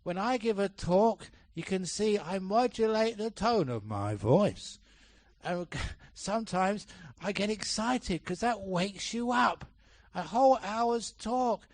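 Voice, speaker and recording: Lively monk giving a retreat talk. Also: male voice, takes it slowly, dry recording. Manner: lively storytelling, changes pitch and pace to act out examples, laughs often. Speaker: Buddhist monk teaching a retreat. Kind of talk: dharma talk to a retreat audience. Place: temple hall, live talk.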